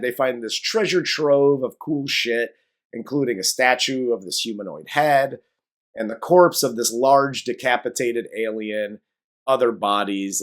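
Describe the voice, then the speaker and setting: A man in casual podcast chat, picking apart a film with sarcasm and swearing. He talks at an ordinary pitch and jumps into silly voices to mock the characters. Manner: profane, sarcastic, acts out scenes in silly voices. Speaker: podcast co-host. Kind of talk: casual movie review chat.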